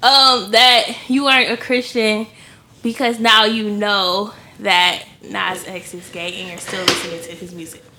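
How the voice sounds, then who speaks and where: A woman's voice: medium pitch, flat delivery, measured pace, noisy background. A woman co-hosting a casual podcast chat, playful, giggly and a bit hesitant. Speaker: podcast co-host.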